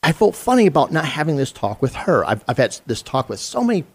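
A man's voice: on the high side, very animated, quick pace, breathy edge. A middle-aged man, a retired police sergeant, telling a story in an interview in an earnest, conversational way with fillers and restarts.

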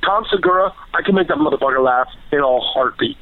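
A man telling stories in casual chat as a podcast guest, rambling, excitable and full of swearing. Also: a little high, fast talker, dry recording. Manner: profane, rambling, excitable storytelling. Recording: tinny phone-line sound.

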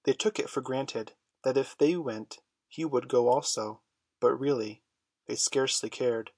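A man reading a classic children's story aloud, in a measured storytelling manner. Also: medium pitch, darkish tone, husky, no room sound. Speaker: audiobook reader. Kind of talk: storybook narration.

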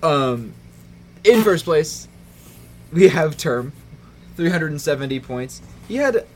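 A man, the fantasy league commissioner on a casual podcast, chatty and quick to laugh as he runs through the standings. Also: a little high, expressive, slight background noise.

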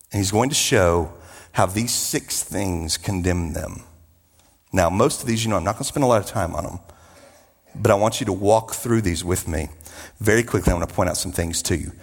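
A man preaching a sermon, emphatic, with drawn-out repetitions and joking asides. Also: low voice, vocal fry, breathy edge, in a large hall.

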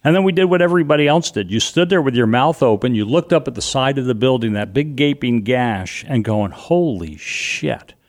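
A man's voice: medium pitch, expressive, brisk, few pauses. A man recounting what he witnessed, telling it as a vivid first-person story and repeating phrases for emphasis. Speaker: guest recounting a disaster. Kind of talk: first-person eyewitness account.

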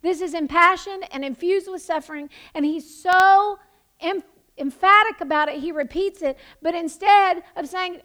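High-voiced impassioned woman preaching. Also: moderate pace. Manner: impassioned, building to emphatic shouts. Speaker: pastor. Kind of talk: sermon.

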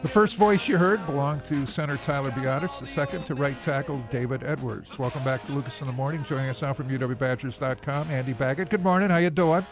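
A man hosting a morning sports talk show on the radio, chatty and quick with sports quips. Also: medium pitch, soft background music. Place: radio studio.

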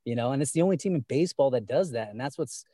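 Male fan guest, casual and rambling, mellow tone, dry close sound. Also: mid-range voice, expressive, very fast, dry recording. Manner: rambling, many fillers and restarts. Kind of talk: casual conversation.

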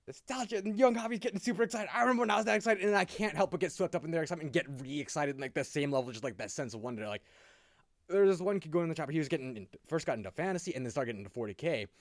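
Brief: a male podcast co-host, rapid and animated, acting out quotes in a dry, close sound. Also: on the high side, dry recording. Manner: excitable storyteller who acts out quotes, rambling with many fillers. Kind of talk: casual podcast chat.

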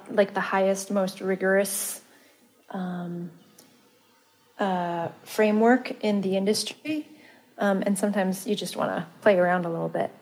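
A woman guest speaker answers audience questions in a relaxed, chatty way. Her voice stays expressive and lively, and she fills her pauses with frequent ums. Her pitch sits in a comfortable middle range. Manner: chatty and expressive, with lots of fillers. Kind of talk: casual Q&A answer.

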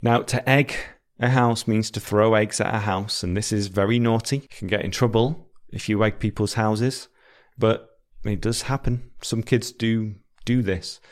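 A British man, an English teacher, explaining words and repeating example sentences slowly and clearly for learners. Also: fairly low pitch, steady tone.

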